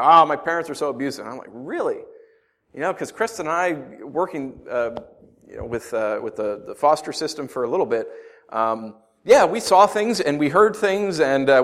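Animated man preaching a sermon. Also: mid-range voice. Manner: animated, swings from loud outbursts to quiet asides. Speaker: pastor.

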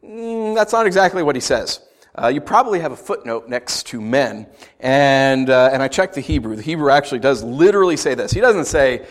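A man preaching a sermon as pastor. He talks in a conversational, joking way and swings from quiet asides to loud emphasis. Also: fairly high pitch, expressive, fairly quick.

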